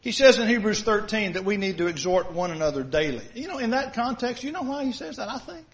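Fast and very animated, a male pastor delivers his sermon in a high-pitched voice. He uses a conversational style, throwing many rhetorical questions at the congregation. The recording sounds dull and lo-fi.

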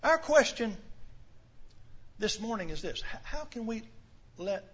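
A man's voice: high voice, big pitch swings, unhurried, fairly bright tone, slightly rough, dull audio. A man preaching a sermon in an earnest, questioning way, often repeating words as he starts a sentence.

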